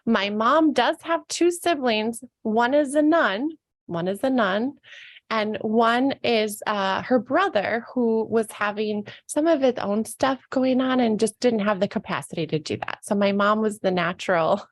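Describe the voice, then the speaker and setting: A woman in her thirties shares a personal story on a podcast, her voice a little high. She talks openly and gets emotional, laughing through tears. The sound is close and dry. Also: measured pace, dry recording. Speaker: podcast guest. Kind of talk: personal storytelling in casual chat.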